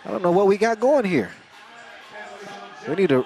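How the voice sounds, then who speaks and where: A man calling a basketball game live, joking and energetic, getting louder on big plays. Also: high voice, normal speed. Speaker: play-by-play commentator. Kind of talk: live sports commentary. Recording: crowd and music under the commentary. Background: arena crowd and music.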